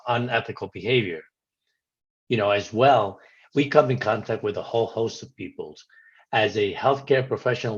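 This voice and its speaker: A man with a fairly low voice speaks as a medical director, giving a formal, measured address. He reads from prepared remarks at a steady pace. The audio is dull and lo-fi. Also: slightly rough.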